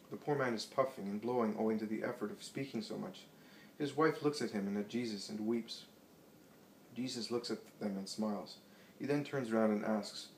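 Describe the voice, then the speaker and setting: A man reading a religious text aloud in a measured, solemn narration. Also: fairly low pitch, fairly even intonation. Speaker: reader. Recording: echoey room, distant mic, faint hiss.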